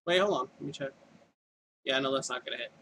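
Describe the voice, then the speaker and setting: A man narrating and running a tabletop game as dungeon master, relaxed and full of fillers. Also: medium pitch, quick pace, a little hiss or hum.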